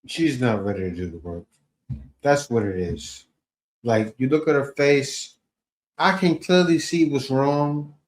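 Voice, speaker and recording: A man's voice: mid-range voice, echoey room, rough recording. A man giving blunt, mocking commentary on clips as a reaction host. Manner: mocking, scornful.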